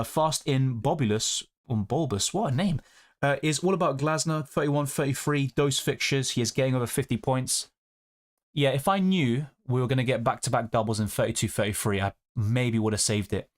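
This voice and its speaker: Young man, live stream host, chatty, reading viewer comments. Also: mid-range voice. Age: 20s. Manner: chatty, reads viewer comments aloud and answers them. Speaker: fantasy football streamer.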